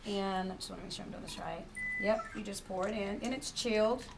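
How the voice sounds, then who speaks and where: A woman with an African American accent talks a group through a live tea demonstration, chatty and quick to laugh. She sounds a little off-mic, picked up from across the room. Dishes and cutlery clatter behind her. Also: medium pitch, vocal fry. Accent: African American Vernacular English. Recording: distant mic with room noise.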